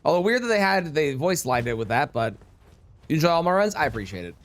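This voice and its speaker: A man's voice: a little high, very animated, fast. A man streaming a game live, chatting with viewers and swearing at the game in frustration.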